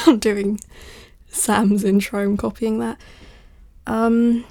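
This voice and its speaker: A woman's voice: medium pitch, flat delivery, takes it slowly, darkish tone, soft background music. A woman talking casually on a podcast, chatty and self-deprecating, a little out of breath. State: a bit out of breath. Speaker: podcast guest.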